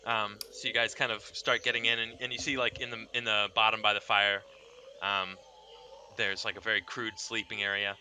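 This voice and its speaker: Guy dm-ing a tabletop game, super bright voice, kinda low, lots of um and like, bit of hiss. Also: little pitch movement, normal speed. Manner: loose, hesitant, lots of fillers. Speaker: game master.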